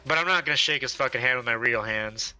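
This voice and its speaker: Bright, brash male player. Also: mid-range voice, quick pace, soft background music, low-quality recording. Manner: brash, joking, profane. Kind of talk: playing a tabletop game.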